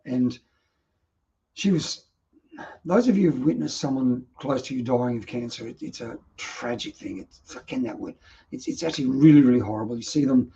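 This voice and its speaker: A man's voice: mid-range voice, moderate pace, creaky, warm tone, dull audio, slight background noise. A middle-aged Australian man telling personal stories as a vlog host, in an earnest, emotional and reflective way. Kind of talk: personal storytelling monologue.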